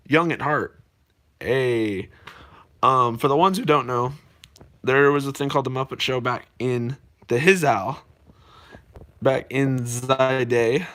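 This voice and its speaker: A man's voice: medium pitch, a bit bright. A middle-aged man chatting casually to viewers in a playful, rambling way, his voice slightly cracked from a cough. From United States. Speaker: vlogger. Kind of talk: casual chat to camera.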